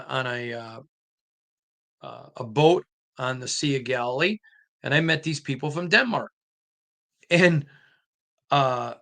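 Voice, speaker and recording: A man's voice: mid-range voice, gravelly, pushed and bright. A middle-aged man hosting a sports show, telling rambling stories and building to an impassioned opinion rant. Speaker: sports beat writer and show host. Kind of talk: opinion monologue to camera.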